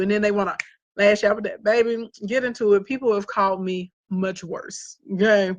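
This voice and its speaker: A woman's voice: medium pitch, fairly even intonation, moderate pace. A woman with a Southern US accent, a business coach talking bluntly and sassily to viewers in a casual live stream. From Southern United States. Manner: sassy, blunt and talkative.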